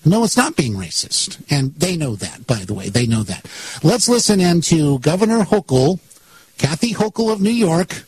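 A man's voice: on the high side, big pitch swings, moderate pace, a little mellow, husky, rough recording. A man hosting a talk radio show, giving sarcastic political commentary and mocking his opponents with bursts of laughter.

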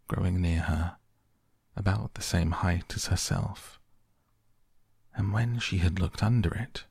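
A man reads a storybook aloud, slow and measured, with a very low voice. His tone is gravelly and husky. The sound is close and dry, with no room around it. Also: a little mellow, no echo. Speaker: narrator. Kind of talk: audiobook narration.

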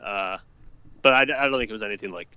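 A man's voice: fairly low pitch, fast, bright, forceful tone, clear, resonant tone, dry recording, highs cut off. A young man co-hosting a casual sports podcast, agreeable and laid-back, often chuckling. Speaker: podcast co-host.

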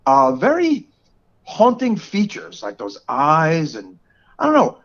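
Man, 40s, New York area accent, podcast co-host, laughs often, lively swinging pitch, dull lo-fi sound. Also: slow. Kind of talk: casual chat.

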